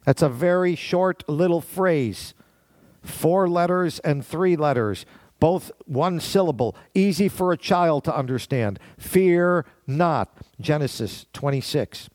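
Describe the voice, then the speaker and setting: A man's voice: fairly high pitch, expressive, a little slow, darkish tone, dry recording. A man preaching a sermon, reading scripture aloud and acting out the voices he quotes. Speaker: pastor.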